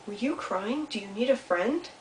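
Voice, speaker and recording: A woman voicing a small, lonely young male beaver in a storybook reading, with a high, eager manner. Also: animated, moderate pace, darkish tone, a little hiss or hum, natural voice. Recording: echoey room, mic far off.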